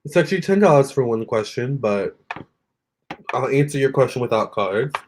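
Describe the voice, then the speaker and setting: A young man chatting casually with viewers during a live stream, expressive and talking straight to his audience. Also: medium pitch, moderate pace. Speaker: live-stream tarot reader.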